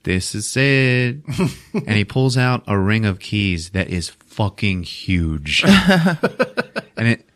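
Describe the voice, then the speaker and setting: A man's voice: fairly low pitch, lively intonation, slow, pauses often. A man hosting a podcast, animatedly retelling a movie scene and laughing often, with casual swearing. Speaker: podcast host. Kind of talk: comedic movie recap.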